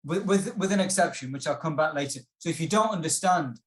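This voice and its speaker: A man presenting an exam-prep workshop, explaining tips in a relaxed way with frequent ums and restarts. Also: a little high, brisk, roomy sound. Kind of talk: online workshop talk.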